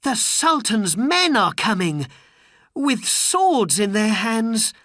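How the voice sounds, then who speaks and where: Woman voicing an alarmed young friend, urgent, high pitched, loud, dry close recording. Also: sing-song, slow pace, no echo, heavily acted.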